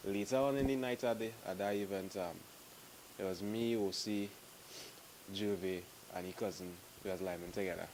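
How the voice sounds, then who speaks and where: A man with a Trinidadian accent telling stories to the camera in a lively way, laughing and acting out what friends said. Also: fairly low pitch, slight background noise, poor audio. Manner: animated, laughing, acts out quotes. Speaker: group member telling stories. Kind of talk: casual storytelling to camera.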